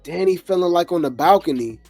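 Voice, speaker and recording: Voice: mid-range voice, animated, fairly quick, darkish tone, no room sound, soft background music. A host rambling casually through reality TV gossip commentary, chuckling often and full of fillers.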